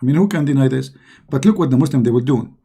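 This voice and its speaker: A man's voice: mid-range voice, expressive, quick pace, mellow, breathy edge. A middle-aged man and online commentator giving a sarcastic, scoffing monologue in loosely built, non-native English. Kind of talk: mocking religious-critique monologue.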